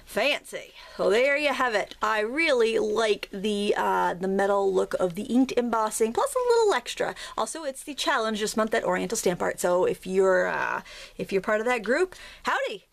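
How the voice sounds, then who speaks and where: A woman's voice: medium pitch, very animated, moderate pace, vocal fry. A woman from Maine with a Maine accent, hosting a casual craft tutorial in a chatty, jokey, self-deprecating way.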